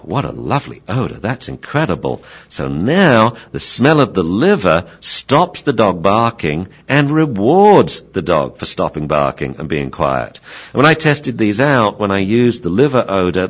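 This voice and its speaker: Male radio host, very low voice, chatty dog-training talk, dull lo-fi sound. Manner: chatty, answers listener questions, imitates dogs. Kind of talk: radio talk show monologue.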